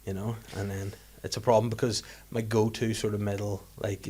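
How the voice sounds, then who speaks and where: A man's voice: fairly low pitch, level tone, brisk, warm tone. A man, hosting a casual podcast chat and joking around with silly voices. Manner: jokey, slips into silly put-on voices. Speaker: podcast host.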